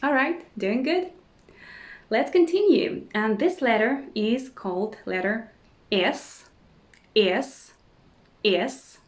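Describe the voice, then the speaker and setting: A woman teaching a language lesson who says each word slowly and repeats it several times, with short words of encouragement. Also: on the high side, reverberant. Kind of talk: slow repeat-after-me pronunciation lesson.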